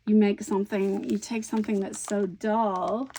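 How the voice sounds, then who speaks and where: A woman in her fifties chatting casually about her craft projects, rambling and animated and laughing easily as she tells a story. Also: mid-range voice, normal speed, hardly any pauses, slight background noise. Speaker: scrapbooking vlogger.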